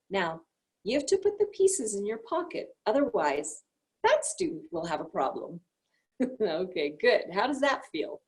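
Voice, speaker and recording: A woman reading a class transcript aloud in a lively, expressive way and announcing each speaker. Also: mid-range voice, slightly rough, rough recording. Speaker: reader of a workbook transcript.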